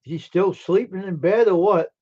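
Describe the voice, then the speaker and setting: A man's voice: high-pitched, moderate pace, warm tone. A man hosting a live stream, chatting casually and answering his viewers' messages aloud while sounding tired and yawning. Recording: dull lo-fi stream audio.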